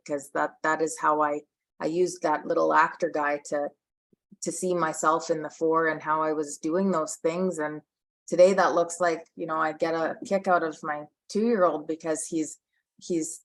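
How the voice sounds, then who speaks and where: Woman in her thirties, lower voice, rambling. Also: vocal fry. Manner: rambling, many restarts and "like" fillers. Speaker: podcast co-host. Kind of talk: recovery podcast discussion.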